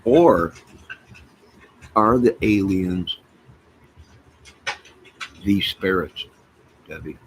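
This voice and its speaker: Man, livestream host. Deep voice, slow unhurried delivery, rambling storyteller, noisy home stream. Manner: rambling, storytelling, talks to chat and to his pets. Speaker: livestream host chatting with viewers. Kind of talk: casual rambling livestream chat. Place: home apartment by a fire. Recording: steady background noise.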